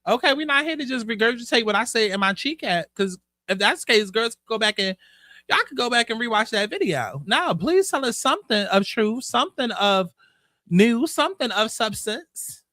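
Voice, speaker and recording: A man hosting a casual commentary show, sassy and profane, animated as he dishes the news. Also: extremely high pitch, normal speed, no room sound. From United States. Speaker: host.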